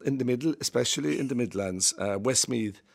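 A man's voice: mid-range voice, fairly quick, creaky. A man with an Irish accent chatting on radio as a regular, telling anecdotes and chuckling as he talks. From Ireland. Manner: anecdotal, jokey, chuckles while talking. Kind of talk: casual radio chat.

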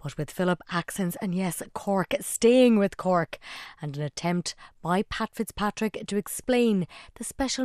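A woman presenting a radio review show in a brisk, lightly teasing manner. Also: medium pitch, animated, darkish tone, no room sound, clean studio sound.

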